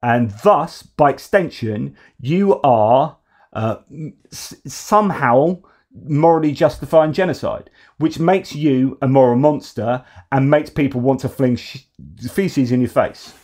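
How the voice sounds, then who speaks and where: Speaking a little slowly in a medium-pitched, darkish voice, a UK host leads a casual news commentary show. His talk is loose, with sarcastic and mocking asides.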